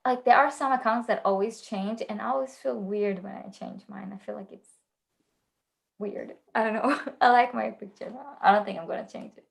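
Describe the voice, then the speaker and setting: A woman's voice: on the high side, normal speed, creaky. A woman chatting as a guest on a video call, giggly and rambling as she tells stories. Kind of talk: casual video chat.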